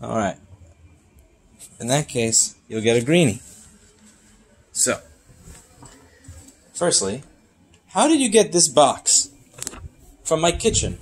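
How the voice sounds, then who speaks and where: A man's voice: medium pitch, big pitch swings, slow pace, pauses often, a little hiss or hum. Sarcastic man cooing at his cat. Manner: sarcastic, baby-talk to a pet. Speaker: channel host. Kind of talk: casual talk to his cat.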